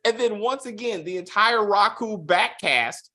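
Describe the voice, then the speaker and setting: Animated, profane man reviewing a TV episode. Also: high-pitched, a little slow, few pauses. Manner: animated, profane, acts out quotes with swings in voice. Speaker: TV review host. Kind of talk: casual spoiler review chat.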